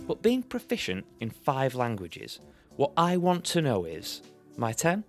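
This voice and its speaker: A man's voice: mid-range voice, huge pitch swings, unhurried, faint music behind. A man hosting a podcast, upbeat and jokey, moving from a scripted intro into casual interview chat. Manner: upbeat and jokey, laughs easily. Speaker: podcast host.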